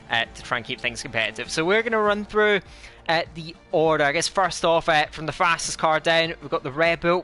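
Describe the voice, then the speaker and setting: A man commentating an online sim racing league, putting on a fake Scottish accent, chatty and energetic with many fillers. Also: on the high side. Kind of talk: esports race commentary.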